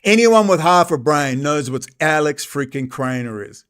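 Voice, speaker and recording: Angry profane high-voiced Australian man. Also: expressive, moderate pace, fairly bright tone. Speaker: channel host. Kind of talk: ranting monologue.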